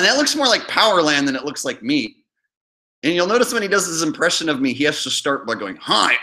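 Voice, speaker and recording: Lively, mocking man reacting sarcastically. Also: fairly high pitch. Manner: mocking, laughing, animated. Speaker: host.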